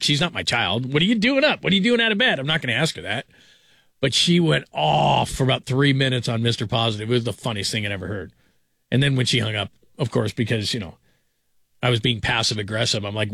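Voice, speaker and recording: A man's voice: mid-range voice, a bit bright, no room sound, clean studio sound. A man hosting a late-night sports radio talk show in a rambling, conversational way, with chuckling asides. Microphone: studio broadcast mic.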